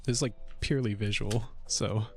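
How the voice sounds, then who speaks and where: A man's voice: fairly low pitch, steady tone, moderate pace, gravelly, a little hiss or hum. A young man streaming while he codes a game, chatting casually and thinking aloud with lots of little laughs and fillers. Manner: rambling and chuckly, many fillers, thinks aloud. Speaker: VTuber streamer coding a game. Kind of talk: casual livestream chat while coding. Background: faint music and keyboard typing.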